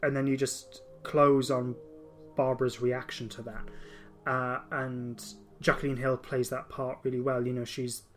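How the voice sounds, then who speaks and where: Man, podcast host, enthusiastic, halting restarts, mid-pitched voice, faint music behind. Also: flat delivery, fairly bright tone. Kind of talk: casual podcast discussion.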